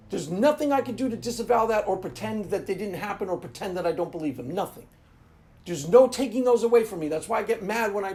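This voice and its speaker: A man hosting a Christian talk channel, speaking in an emphatic, animated monologue and laughing as he acts out little scenes. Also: sits high. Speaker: Christian apologetics channel host. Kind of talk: casual monologue.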